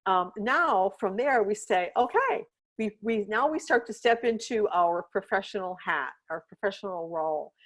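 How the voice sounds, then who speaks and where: A woman's voice: medium pitch, normal speed, few pauses, fairly bright tone. A woman hosting a podcast as a dog trainer, talking in a casual, chatty way and often checking in with "right?" while she patiently walks through examples. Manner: chatty, checks in often with "right?" and "you know what I mean?"; earnest, explains patiently with step-by-step examples.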